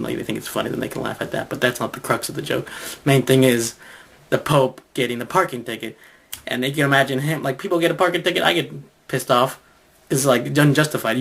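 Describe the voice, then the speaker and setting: A man talks through a comedy bit in a loose think-aloud monologue, his voice gravelly with vocal fry. He stops and restarts often and chuckles to himself between thoughts. Faint noise sits behind him. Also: medium pitch, fairly bright tone. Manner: halting, many restarts and fillers, chuckles to himself. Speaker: comedian developing material.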